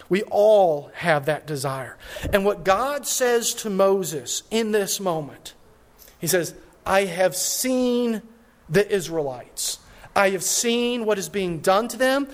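High-voiced man preaching a story-led sermon. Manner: storytelling, conversational with many restarts. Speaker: pastor.

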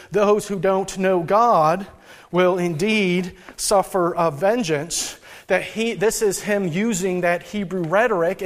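A man preaching as a pastor, earnest and thinking aloud, with frequent restarts. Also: sits high. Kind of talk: sermon.

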